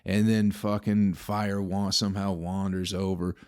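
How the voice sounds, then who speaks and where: A man with a somewhat low voice tells a meandering story on his podcast. He swears freely and keeps turning to his listeners with exasperated asides, in the loose manner of a stand-up comic. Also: flat delivery, measured pace, clean tone. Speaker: comedian podcast host. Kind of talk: rambling comedic storytelling.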